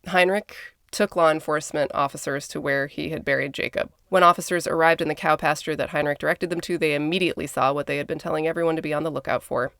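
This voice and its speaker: Gravelly woman podcaster recounting a crime. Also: low voice, fairly even intonation, fast talker, few pauses, a bit bright, no echo. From Minnesota. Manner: conversational, blunt asides and swearing. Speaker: podcast co-host. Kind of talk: casual true-crime storytelling.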